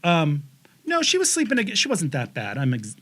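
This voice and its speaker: A man's voice: fairly high pitch, huge pitch swings, normal speed, pushed and bright. A man in his forties co-hosting a podcast, telling a profane story in casual chat and putting on voices for the people in it. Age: 40s. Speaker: podcast co-host.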